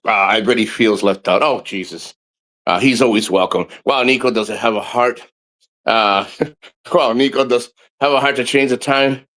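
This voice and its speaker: A man's voice: medium pitch, normal speed, fairly bright tone. A man hosting a casual livestream, swearing freely, laughing often and rambling with restarts. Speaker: livestream host.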